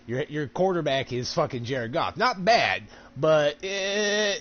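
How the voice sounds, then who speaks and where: Animated, swearing man, lo-fi sound. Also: on the high side, slow pace. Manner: animated, profane, laughs often. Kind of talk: casual chat while gaming.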